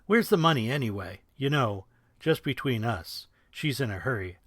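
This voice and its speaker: A man voicing a smug, crude mob fixer who taunts and chuckles, gruff and menacing. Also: mid-range voice, animated, normal speed, a bit bright, no room sound. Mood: taunting.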